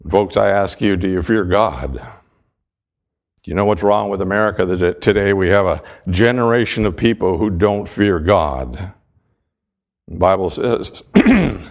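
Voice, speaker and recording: A man preaching a sermon with emphatic, deliberate delivery and dramatic pauses. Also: on the low side.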